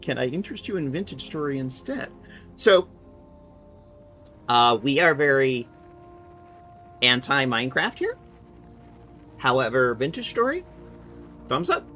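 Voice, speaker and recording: A woman's voice: very deep voice, very animated, a little slow, pauses often, a bit bright, soft background music. A woman casually chatting and thinking aloud while she plays a game on a live stream, sometimes mocking herself. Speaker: livestreamer.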